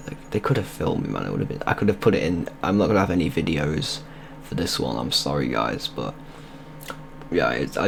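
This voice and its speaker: Deep, gravelly young man. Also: a little hiss or hum. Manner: rambling, sweary and loose, with many restarts. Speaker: video creator. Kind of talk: casual storytelling over gameplay.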